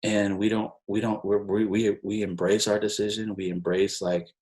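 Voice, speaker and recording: A man, a guest and adoptive father, speaking in halting conversation and repeating words as he searches for them. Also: fairly low pitch, level tone, a little mellow, poor audio. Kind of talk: casual conversation.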